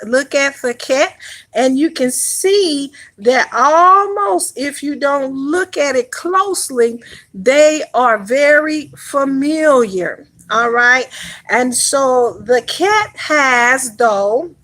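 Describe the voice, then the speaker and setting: A woman's voice: high-pitched, animated, fairly bright tone. A woman pastor teaching a Hebrew alphabet class, checking in with "all right?" after almost every phrase. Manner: slow, deliberate instruction.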